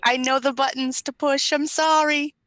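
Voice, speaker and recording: A woman's voice: high voice, flat delivery, normal speed, background noise. A woman playing in a tabletop game over voice chat, teasing the others with playful banter. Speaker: player. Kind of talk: casual tabletop play.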